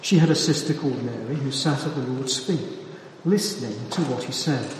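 A man preaching a sermon with a measured, deliberate delivery and emphatic pauses, heard in a church hall. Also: mid-range voice, slight background noise. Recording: echoey hall from far off.

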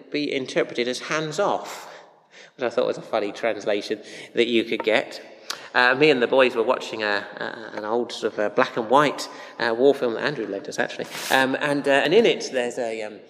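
A man preaching a sermon in a loose, conversational way, with anecdotes and frequent ums and uhs. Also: mid-range voice. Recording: echoey hall with long reverb.

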